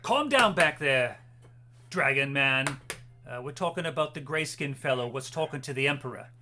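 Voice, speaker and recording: Ein Mann spielt einen pöbelnden Lagerwächter. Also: male voice, high-pitched, big pitch swings, a little slow, fairly bright tone, husky, pitched above the performer's own voice, exaggerated voice. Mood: threatening. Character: gruff male camp guard, mocking and threatening.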